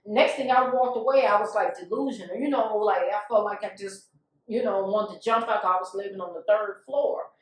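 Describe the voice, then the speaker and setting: A woman's voice: medium pitch, brisk, very echoey, distant mic, poor audio. A woman giving a candid, emotional testimony, acting out the voices of people she quotes. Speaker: guest.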